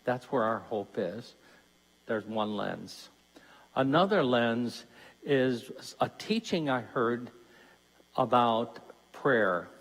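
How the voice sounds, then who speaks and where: A man's voice: mid-range voice, lively intonation, slow pace, long pauses. A man giving a conversational Lenten mission talk as a deacon, putting questions to his listeners. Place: church. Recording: long church reverb.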